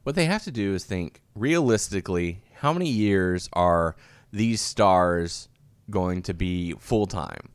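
Low-voiced man with lively intonation. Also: takes it slowly, clean tone, no room sound. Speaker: podcast co-host. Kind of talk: casual wrestling chat.

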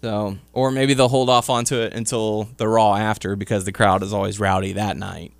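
A man from Southeast Texas hosting a casual wrestling podcast, recapping with quick asides. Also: fairly low pitch, little pitch movement, gravelly, no room sound. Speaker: podcast host.

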